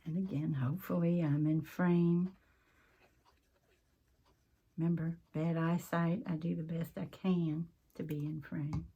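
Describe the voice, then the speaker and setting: A woman's voice: deep voice, fairly even intonation, a little slow, pauses often, warm tone, husky, dull audio. A woman hosting a casual craft tutorial, chatting and rambling as she works, often interrupting herself. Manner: mentions her accent coming and going. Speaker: craft video host.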